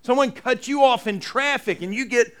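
High, clear-voiced male preacher. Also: moderate pace. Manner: animated storytelling, acts out inner dialogue; many restarts and repeated "and". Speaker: pastor. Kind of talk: sermon with personal story.

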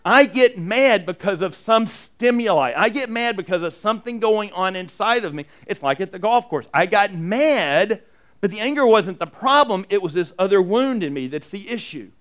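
High-voiced man preaching a conversational sermon. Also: expressive, fairly bright tone. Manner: emphatic, frequently asks "right?" to the congregation; reads scripture aloud slowly and expressively. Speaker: pastor.

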